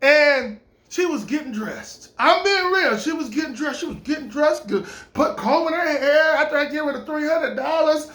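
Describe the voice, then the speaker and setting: Animated man telling a story, echoey. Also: very high-pitched, normal speed. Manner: animated, stammering, rising into shouts. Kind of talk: casual comic storytelling. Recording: roomy echo.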